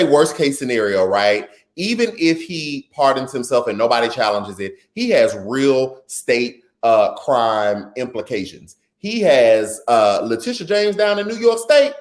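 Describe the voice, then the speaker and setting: A man with a Texas twang hosting a casual political livestream, chatting with viewers and stumbling over words now and then. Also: mid-range voice. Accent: Texan. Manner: chatty and animated, calls the audience y'all, stumbles over words. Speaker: political commentary livestream host. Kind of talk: casual livestream commentary, reading viewer comments.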